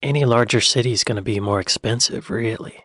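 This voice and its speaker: A man's voice: medium pitch, quick pace, fairly bright tone, no echo. Chatty American man, dry close sound. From United States. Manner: chatty, rambling, playful. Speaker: reaction channel host. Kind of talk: casual reaction commentary.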